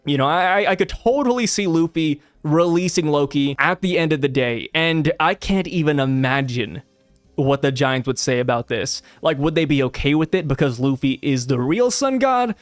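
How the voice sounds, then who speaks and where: A young man chats excitedly through a comic chapter breakdown, throwing questions to his viewers. His voice sits high and swings lively up and down. The sound is dry and close. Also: moderate pace, no echo, soft background music. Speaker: anime and manga commentator.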